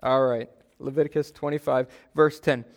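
A man's voice: mid-range voice, fairly even intonation, moderate pace. A young adult man preaching a sermon as a pastor, in a conversational storytelling way with self-deprecating humor.

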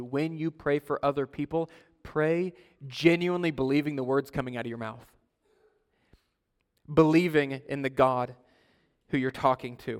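A male pastor delivers an earnest sermon in a sanctuary with a long, ringing reverb. He rises to loud, pressing exhortation, then drops to a quiet, low plea. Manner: earnest, swinging from loud urging to soft low pleading.

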